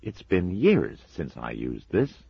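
A man voicing a fussy, gentle male angel who speaks softly and dreamily, in a storybook reading. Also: low-pitched, wildly swooping pitch, slow, vocal fry, husky, dry recording, highs cut off, voice pushed up, exaggerated voice. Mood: wistful. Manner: soft, dreamy and polite.

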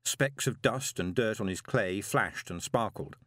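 A man reading a novel aloud as an audiobook narrator, dramatic and expressive with drawn-out pauses. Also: lowish voice, dry recording. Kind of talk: scripted narration. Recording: dry close studio recording.

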